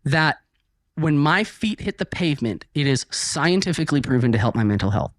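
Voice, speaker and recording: Animated male podcast guest telling stories. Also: a little high, a little fast, dry recording. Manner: animated storyteller, acts out voices with sound effects; says "right?" often. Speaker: podcast guest, author and speaker. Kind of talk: casual chat.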